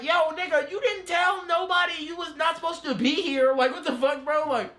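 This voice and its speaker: A man in his twenties telling a story as a podcast guest, profane and animated, jumping into other people's voices. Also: roomy sound. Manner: animated, profane, acts out quotes in a higher voice. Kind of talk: casual storytelling interview.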